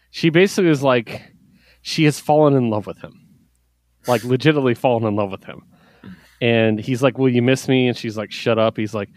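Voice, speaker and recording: Brief: male podcast co-host, mid-pitched, animated and profane comics recap, dry close mic. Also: dry recording. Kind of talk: casual comic book review chat.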